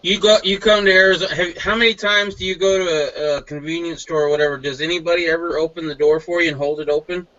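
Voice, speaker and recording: A man's voice: on the high side, fairly even intonation, quick pace, few pauses, bright, forceful tone. A man in casual chat who drops dry quips. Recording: dull podcast audio.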